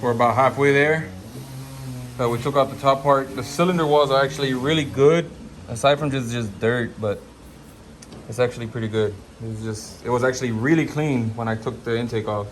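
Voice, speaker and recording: A man's voice: medium pitch, fairly quick, a little hiss or hum. A man hosting a casual car build vlog, talking in a laid-back, rambling way through his garage work. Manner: laid-back, rambling, repeats "gonna go ahead".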